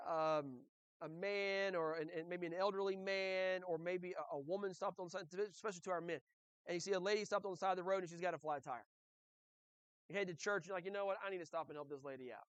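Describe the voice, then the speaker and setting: A male pastor delivers a sermon in a fairly high voice, talking conversationally and peppering it with "okay?" and rhetorical questions. The sound is dry and close, with hardly any room echo. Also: a bit bright, smooth, highs cut off. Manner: conversational preaching with frequent "okay?" check-ins and rhetorical questions. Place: church.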